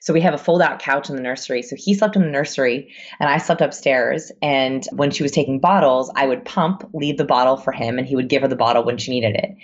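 Woman, low voice, chatty, rambling, lots of fillers, dull lo-fi recording. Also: fast talker, hardly any pauses. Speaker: guest, new mother. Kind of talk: casual podcast chat.

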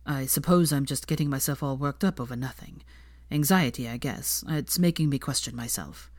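A woman voicing an anxious, guarded young man who speaks in a hushed, halting way. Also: rumbling low, dry recording, clean studio sound. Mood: brooding. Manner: hushed, halting, heavy sighs.

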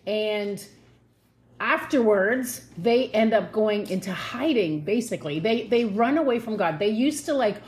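Woman, casual devotional teaching, home setting, earnest, chatty, mid-pitched. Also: expressive. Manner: chatty, earnest, warm laughs, slows to stress points. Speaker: Bible teacher. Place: her home.

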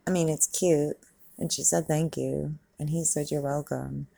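A woman's voice: deep voice, fairly even intonation, measured pace, gravelly, warm tone. A woman giving a casual, chatty commentary as she watches a movie, swearing freely and laughing and exclaiming at the screen. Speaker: movie reaction vlogger.

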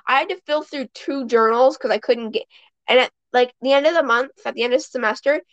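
A woman's voice: high-pitched, a little fast, no room sound. A woman hosting a podcast and chatting casually, telling rambling stories that restart mid-sentence. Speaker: podcast host. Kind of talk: casual chat. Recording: dull, dry sound.

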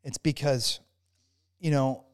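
A man, a former soldier, telling a story as a podcast guest, stumbling over restarts and warming into animated retelling. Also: mid-range voice, clean tone. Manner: halting, many restarts, grows animated while telling a story. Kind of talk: casual storytelling interview.

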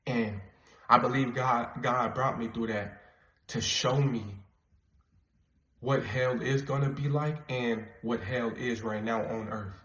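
A man's voice: medium pitch, fairly even intonation, slow, a bit bright. A man with a mid-range voice tells a story in a loose, casual way. He speaks earnestly and circles back to repeat his words. His voice carries a roomy echo. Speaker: podcaster.

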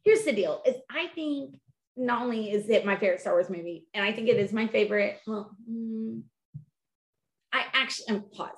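Chatty woman with a gravelly edge. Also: a little high, normal speed, echoey room. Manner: chatty, animated storytelling with fillers. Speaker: podcast co-host. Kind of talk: casual chat.

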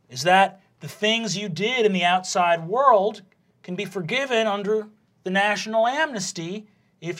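A man narrating loosely as game master of a tabletop game, rambling and swearing. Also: high voice.

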